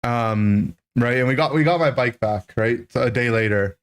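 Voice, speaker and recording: A man in his thirties, a streamer, telling a childhood story to his chat in an animated, rambling way, full of "right?" and "like". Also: mid-range voice, normal speed. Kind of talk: casual storytelling to a live chat.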